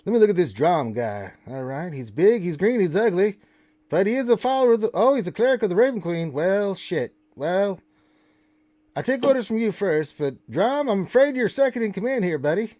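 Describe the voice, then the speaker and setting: A man's voice: high-pitched, big pitch swings, fairly quick, mellow. A man voicing a crude, wisecracking male raven who bosses the party around and begs for crackers. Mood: cheeky. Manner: brash, cheeky, bossy. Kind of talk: tabletop role-play voicing.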